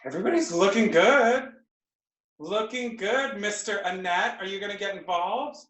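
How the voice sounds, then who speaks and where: A woman teaching a live online exercise class, counting reps and giving brisk cues with playful asides, over a video call from a room at home. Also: mid-range voice, animated. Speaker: fitness instructor. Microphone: computer mic on a video call. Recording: echoey room.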